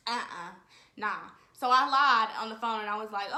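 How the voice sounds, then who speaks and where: Bright-voiced young woman in an echoey room. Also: a little high, normal speed. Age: 20s. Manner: animated, talks straight to viewers, frequent "y'all". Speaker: vlogger telling a story. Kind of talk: casual storytime.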